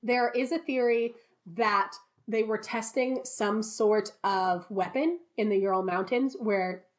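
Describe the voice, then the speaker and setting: A woman's voice: mid-range voice, a little slow. A young adult woman hosting a podcast, telling a story in casual chat and acting out quotes. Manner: storytelling, acts out quotes in voices. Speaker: podcast host.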